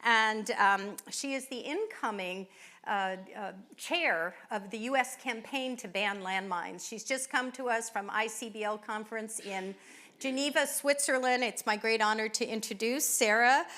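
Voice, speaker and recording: Woman emceeing a live event, bright voice a bit high, lots of uh and you know, gushing thank-yous. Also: a little slow. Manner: warm effusive thanks with fillers. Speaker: event host. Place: winery event venue.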